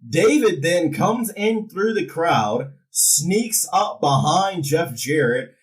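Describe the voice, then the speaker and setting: Far from the mic and in poor audio, a man with a slightly high voice slowly talks through a wrestling show. It's a casual, animated recap where he jokes around and does impressions of the wrestlers' lines.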